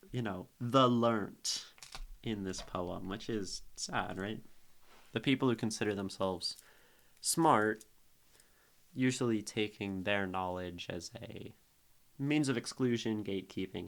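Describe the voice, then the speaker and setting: A man's voice: on the low side, slow pace, gravelly, fairly bright tone. A young man streaming live, casually talking through a poem and reacting to chat, thinking aloud at a desk mic. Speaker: streamer critiquing poetry.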